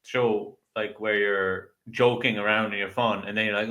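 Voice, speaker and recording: A man's voice: lowish voice, steady tone, normal speed, bright, forceful tone. A man co-hosting a magic podcast, talking casually and jokily and breaking into laughter mid-sentence. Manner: jokey, laughs through his points. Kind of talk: casual chat.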